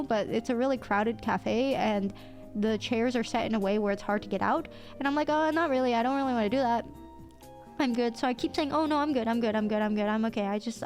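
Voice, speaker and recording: A woman livestreamer with a high-pitched voice tells a story to her chat with lots of animation. She swears casually and bursts into laughter. Faint music plays underneath. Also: a little mellow.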